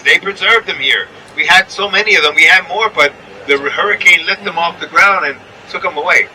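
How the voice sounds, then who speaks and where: On a guided bus tour, a New Yorker narrates the passing sights in a chatty way, checking in with his audience. His voice leans high with a sharp edge. The low-quality recording, made from a distance, carries a little hiss or hum.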